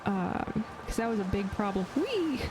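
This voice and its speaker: A woman's voice: mid-range voice, fairly even intonation, unhurried, background noise. A woman streamer chatting casually while playing a game, laughing often and trailing off into fillers and restarts. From United States. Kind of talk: casual chat while gaming.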